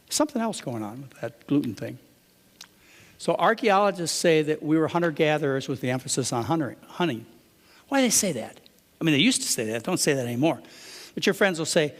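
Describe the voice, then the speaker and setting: Guy lecturing a crowd, kinda high voice, lots of hall echo, throws questions at the room. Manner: conversational, poses rhetorical questions to the audience. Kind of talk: lecture to a live audience.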